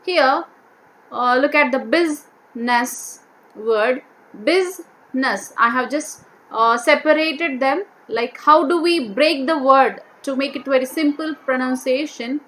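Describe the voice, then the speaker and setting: A woman teacher going through a vocabulary worksheet, repeating each word and slowly sounding out its syllables. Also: high-pitched, fairly bright tone, slight background noise. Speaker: English teacher.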